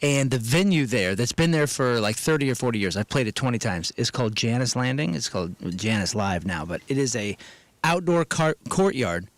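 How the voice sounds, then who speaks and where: A man in casual radio banter, an animated and enthusiastic storyteller. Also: mid-range voice, a little fast, dry recording. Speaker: touring musician guest.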